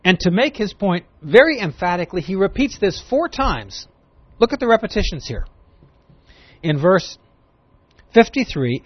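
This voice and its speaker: Man, Bible teacher, lively emphatic delivery, slightly high voice, dull lo-fi recording. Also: normal speed, slightly rough. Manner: lively, emphatic, reads scripture aloud.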